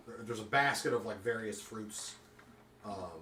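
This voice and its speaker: A man narrating as game master in a relaxed, filler-heavy way. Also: lowish voice, unhurried, a little hiss or hum. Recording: echoey room, far from the mic.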